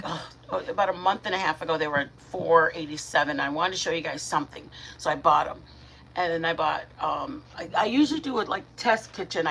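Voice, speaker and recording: A woman's voice: gravelly, slight background noise. A middle-aged woman from Michigan hosting a casual live stream, chatting with viewers by name and talking sweetly to her dogs. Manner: chatty, warm toward viewers, greets chat by name, talks to her dogs in a high baby voice.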